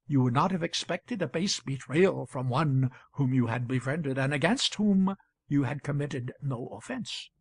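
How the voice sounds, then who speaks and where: A man's voice: mid-range voice, animated, unhurried, husky, no echo, pitched below the performer's own voice. A man reading as an earnest townsman pleading his case. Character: male townsman defending himself before a hall. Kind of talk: audiobook reading.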